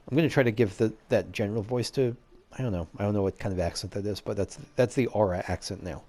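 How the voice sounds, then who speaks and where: A man's voice: fairly low pitch, quick pace, mellow. A man hosting a casual let's play, reading game dialogue aloud and tossing in jokey, profane asides. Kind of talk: casual gameplay commentary.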